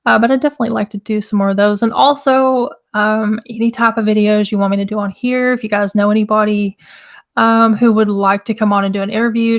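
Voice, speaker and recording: A young woman with a somewhat high voice chats casually to her live-stream viewers. Her throat is hoarse and scratchy, so the words come out rough. She rambles loosely and greets people in the chat. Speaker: livestream host.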